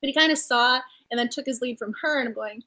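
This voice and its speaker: A woman's voice: fairly high pitch, fast talker, sharp tone. A woman chatting about a romance novel in a book club discussion on a video call, gushing and laughing often. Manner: gushing, laughs often, acts out her reactions.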